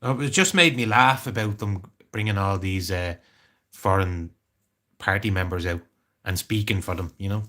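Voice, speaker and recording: A man's voice: sits low, normal speed, pushed and bright. An Irish man chatting casually on a live stream, rambling and greeting viewers by name. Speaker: livestreamer.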